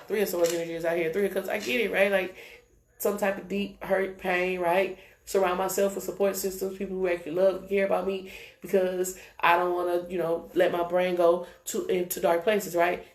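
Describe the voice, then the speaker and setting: Blunt, profane woman doing a tarot reading. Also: mid-range voice. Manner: blunt, profane, laughing asides. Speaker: tarot reader. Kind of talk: live-stream tarot reading. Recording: roomy echo.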